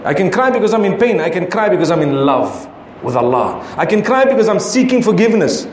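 A man's voice: sits high, very animated, fairly quick, a little hiss or hum. A middle-aged man giving a sermon as an Islamic preacher, emphatic and full of rhetorical questions. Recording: echoey hall with faint ambience.

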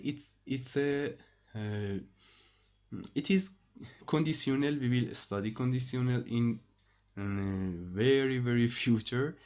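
A man teaching a French lesson online, patiently repeating each example and pausing to find his words. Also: medium pitch, lively intonation, a little mellow. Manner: thinks aloud with pauses and restarts.

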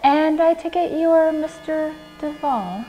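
A woman acting as a businesslike inspector in a comedy sketch, speaking deadpan. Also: sits high, unhurried, big-room sound, dull audio, soft background music. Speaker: planning commission inspector.

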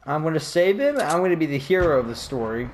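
A man's voice: fairly high pitch, lively intonation, fast talker, a little hiss or hum. A drunk man rambling and laughing in casual chat while playing a video game. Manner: giggly, rambling, loud outbursts. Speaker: gamer.

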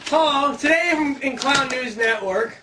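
A woman's voice: high voice, a little slow, recorded from a distance, background noise, voice pushed up. A woman voicing a bumbling clown co-anchor who fumbles the news intro and defends herself. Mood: flustered.

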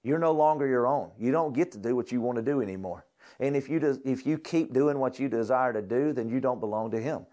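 A young man delivers a lecture like a sermon at a ministry school. He is fervent and exhorting, and his voice sits at a middle pitch. He climbs in intensity and then drops into soft, quiet prayer. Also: fairly quick.

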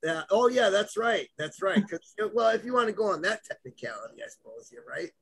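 A man's voice: high voice, animated, brisk, gravelly, a bit bright, a little hiss or hum. A man appearing as a comedian guest on a game podcast, joking and self-deprecating. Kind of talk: casual banter.

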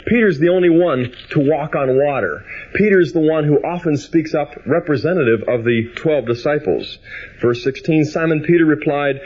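Husky, lively-voiced man lecturing on scripture. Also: a little high, dull audio. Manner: reads scripture slowly with emphasis, then speeds up; personal, storytelling. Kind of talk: biblical theology lecture.

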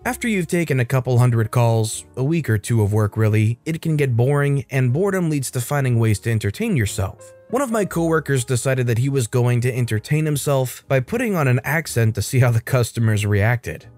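Male narrator, mid pitch, scripted story reads, faint music bed. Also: lively intonation, fairly quick, few pauses, darkish tone. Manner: reads stories aloud with brief commentary.

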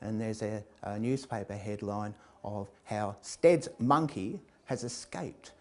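A man telling a comic tale, lively and chuckling, building to loud climaxes. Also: lowish voice, takes it slowly. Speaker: storyteller. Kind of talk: comic oral storytelling.

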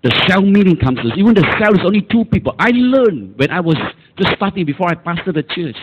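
A man with a Malaysian English accent preaches a sermon as pastor, his voice sitting a little high and swinging widely up and down. He presses his points emphatically and keeps calling the congregation to answer back with amens. Faint background noise runs under the recording. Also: very animated, brisk, dull audio. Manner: emphatic, calls for amens and repetition.

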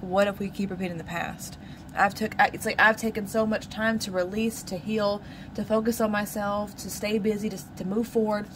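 A woman's voice: medium pitch, noisy background. Musing woman reading tarot cards. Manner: musing, repeats questions to the cards, many fillers. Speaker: tarot reader. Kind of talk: casual spoken tarot reading.

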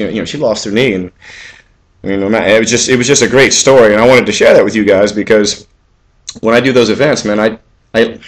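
A man in his forties talking casually into the camera for his own video, rambling with lots of fillers and restarts, swearing freely and getting louder and higher when he gives advice. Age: 40s. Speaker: vlog host. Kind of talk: casual monologue.

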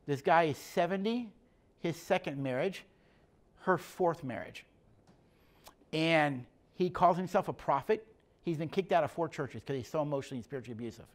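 A man's voice: a little high, expressive, normal speed. Middle-aged man, conversational teaching storyteller. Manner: plainspoken storyteller, acts out dialogue. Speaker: speaker on emotional health and leadership. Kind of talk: conversational teaching talk with stories.

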